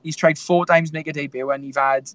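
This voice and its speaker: A man's voice: fairly high pitch, steady tone, fast, no echo, lo-fi sound. A man, a fighter telling stories in a casual interview, rambling with lots of fillers. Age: 20s. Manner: rambling storytelling with many fillers. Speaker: MMA fighter guest.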